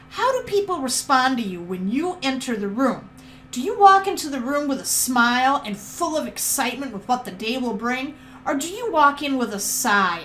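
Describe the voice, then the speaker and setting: A high-pitched woman delivers a scripted motivational lesson with upbeat, encouraging enthusiasm. A faint hum of room ambience sits under her voice. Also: a bit bright. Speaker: podcast host teaching leadership.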